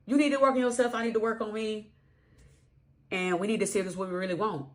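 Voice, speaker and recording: A woman doing a higher, pleading voice as her exhausted wife at her breaking point, repeating her demands emphatically. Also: fairly even intonation, fast talker, natural voice. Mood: firm.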